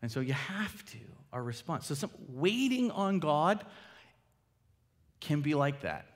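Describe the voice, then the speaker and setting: A man's voice: on the high side, big pitch swings, measured pace. Earnest preacher man in a reverberant hall. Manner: earnest, pleading, swings from hushed to emphatic. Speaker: pastor. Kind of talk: sermon.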